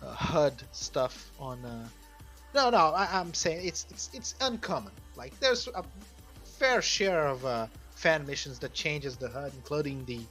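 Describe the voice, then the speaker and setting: A man in casual chat about game modding, talking haltingly with many fillers and restarts. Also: a little high, sing-song, fairly bright tone, soft background music.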